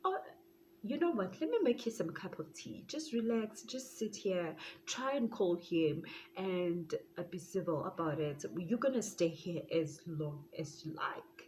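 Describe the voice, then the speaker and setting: Woman putting on a soothing guard, south african accent, low voice, kindly. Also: lively intonation, a little slow, darkish tone, a little hiss or hum. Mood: reassuring. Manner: soothing, reassuring. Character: calm, kindly male security guard.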